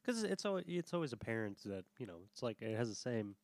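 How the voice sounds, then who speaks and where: A man's voice: medium pitch, sing-song, fairly quick, darkish tone, no echo. A man co-hosting a casual podcast, often restarting his sentences. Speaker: podcast co-host. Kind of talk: casual chat.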